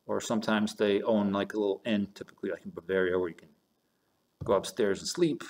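A man's voice: on the low side, steady tone, a little fast, darkish tone. A man teaching a German lesson, explaining step by step and spelling words out as he moves between German and English. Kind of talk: recorded online lesson. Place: home office with a squeaky chair.

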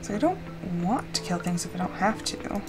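A woman's voice: mid-range voice, sing-song, fairly quick. A young adult woman chatting casually and rambling while she live-streams a farming game, with lots of fillers. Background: game music.

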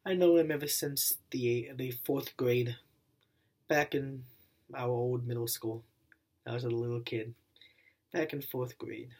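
A young man who owns the channel speaks to camera in a heartfelt thank-you vlog, his medium-pitched voice soft, husky, and breathy, with fairly even intonation and a measured pace. He pauses often, keeps returning to the same simple phrases, and his voice wavers and chokes up, plain and sincere rather than polished.

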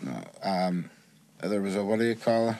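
A man's voice: sits low, lively intonation, moderate pace, very noisy. A man hosting a casual podcast chat, talking emphatically and often checking that his guest is following. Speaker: podcast host.

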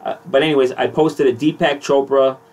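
A man's voice: medium pitch, fairly even intonation, a little fast, a little mellow. Laughing, rambling young man, slightly distant. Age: young adult. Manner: jokey, laughs often, rambling. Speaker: podcast host. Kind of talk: casual comedic chat.

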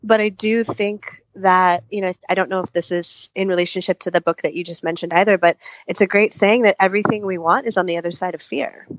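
Her voice sits fairly low, with fairly even intonation, a slightly quick pace, and few pauses. She's a couples therapist giving long, thoughtful interview answers, often speaking out the inner voices of clients. The recording has no room sound and is muffled.

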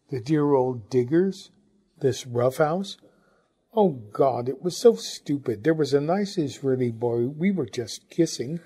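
A man's voice: mid-range voice, mellow, husky. A man reading as a brash, teasing young woman. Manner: blunt, teasing, a little tipsy.

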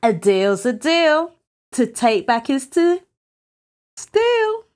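An eager, sly young boy from a storybook, as a woman reader puts him on, his voice jumping high and swooping widely. He talks slowly and brightly, excited and pleading. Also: full character voice.

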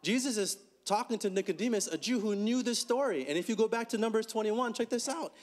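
A man preaching a conversational sermon, asking rhetorical questions and swinging his pitch up and down as he talks. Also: fast talker. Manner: animated, rhetorical questions, swings between high and low pitch. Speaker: pastor.

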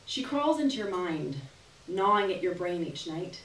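A woman's voice: fairly low pitch, sing-song, moderate pace, a bit bright. A woman giving a dramatic live reading of a story in the second person. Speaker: reader. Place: stage in a hall. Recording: echoey hall from far off.

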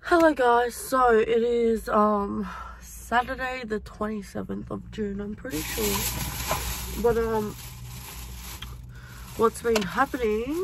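A woman's voice: fairly high pitch, fairly even intonation, slow pace, vocal fry, pauses often, background noise. A young woman talking casually to her camera in a vlog, chatty and swearing freely. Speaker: vlogger. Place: car in the city.

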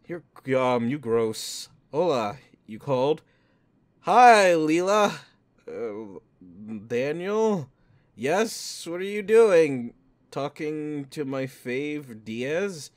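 A gaming YouTuber with a mid-range voice does casual let's-play commentary, reading text messages aloud. He laughs often and swears freely.

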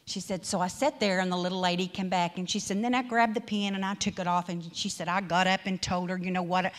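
A woman's voice: on the low side, quick pace. A woman preacher giving a sermon in a conversational, storytelling manner, often acting out quoted speech.

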